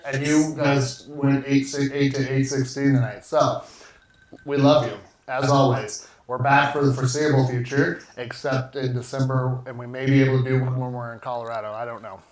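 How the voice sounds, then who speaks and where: A man's voice: medium pitch, little pitch movement, normal speed, heavy reverb, distant mic, crowd noise, low-quality recording. A man co-hosting a home cooking livestream, chatting enthusiastically while tasting food, often trailing off mid-sentence. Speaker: cooking show co-host. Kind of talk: casual livestream chat while eating.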